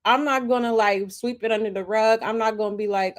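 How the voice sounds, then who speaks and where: A woman commentator reacts in a loose, slangy way, pressing each point with emphasis. Her voice sits a little high. She talks right to her audience as if they were in the room. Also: steady tone, a little fast. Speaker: commentary host.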